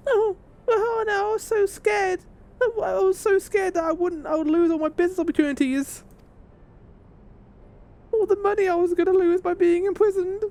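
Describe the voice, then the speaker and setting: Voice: fairly even intonation, moderate pace, darkish tone. A streamer voicing a tiny, greedy female merchant from a game, fretful and whiny as they read the lines aloud. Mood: tearful fretting. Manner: shrill, sobbing, high-pitched. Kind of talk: reading game dialogue aloud in voices.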